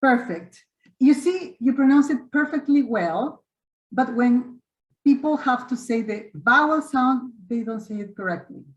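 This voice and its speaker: A woman's voice: high-pitched, expressive, measured pace, roomy sound, lo-fi sound. Encouraging woman teaching English online. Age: middle-aged. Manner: encouraging, repeats and corrects students. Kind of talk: online webinar class. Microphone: video call.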